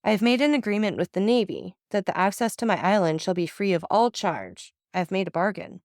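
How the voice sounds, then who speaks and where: A woman voicing a grave, melancholy adult male count in an audiobook reading, speaking in a calm, measured, earnest way. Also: medium pitch, no room sound, studio quality, lightly acted.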